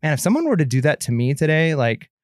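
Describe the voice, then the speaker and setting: A man's voice: a little high, big pitch swings, quick pace, no room sound, clean studio sound. A man in his thirties co-hosting a podcast, telling stories in a chatty way with many fillers and restarts. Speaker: podcast co-host. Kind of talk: casual podcast chat.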